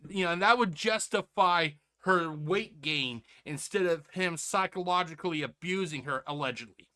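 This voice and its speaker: A man hosts a reaction video with sarcastic, rambling commentary, stumbling over restarts and calling his viewers "ladies and gentlemen." His voice sits a little high for a man, with a bright, forceful edge. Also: normal speed, few pauses, clean tone. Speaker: reaction channel host. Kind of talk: casual commentary.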